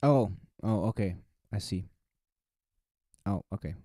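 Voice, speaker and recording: A man's voice: on the low side, slow pace, dark tone, no echo, studio quality. A man judging beatbox entries on a casual live reaction stream, joking, swearing and laughing often.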